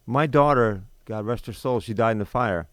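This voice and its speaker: Indignant middle-aged man, smooth and dry. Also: mid-range voice, normal speed, fairly bright tone, no room sound. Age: 50s. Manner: indignant, rambling, with frequent restarts and rhetorical questions. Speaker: podcast host. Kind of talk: unscripted monologue.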